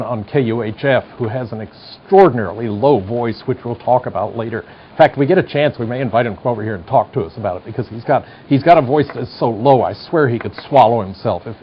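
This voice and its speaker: A man's voice: medium pitch, a little hiss or hum. Older male lecturer, 60s, General American accent, wry and digressive, muffled studio tape. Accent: General American, slight Midwestern twang. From United States. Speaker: psychology professor. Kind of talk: televised university lecture. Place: studio classroom.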